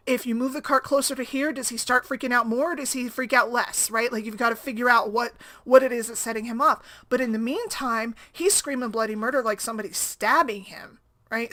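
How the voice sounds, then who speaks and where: Mom blogger, female, slightly high voice, loose conversational ramble. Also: sharp tone. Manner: rambling, conversational, keeps asking "right?". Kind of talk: casual talk to camera.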